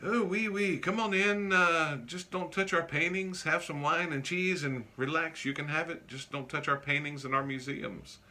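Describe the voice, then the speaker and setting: A man mockingly puts on a fussy, personified France that gives up without a fight. The voice jumps high and pleads, with a bright, sharp tone. It is a quick classroom gag. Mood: pleading.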